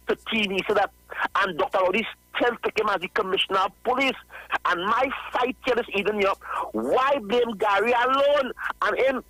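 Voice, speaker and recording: A Trinidadian caller rants with a husky, high-pitched voice, stumbling over repeated words as he presses his point. The line is dry and close, with no room around it. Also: bright, forceful tone, dry recording, low-quality recording. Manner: impassioned, stammering, repeats words. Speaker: radio caller. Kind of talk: call-in radio rant.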